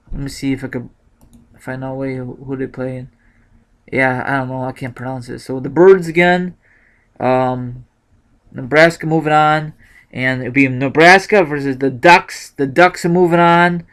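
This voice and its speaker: A young man in a casual vlog, thinking aloud with lots of ums and self-corrections. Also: on the high side. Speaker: YouTuber sharing bracket picks.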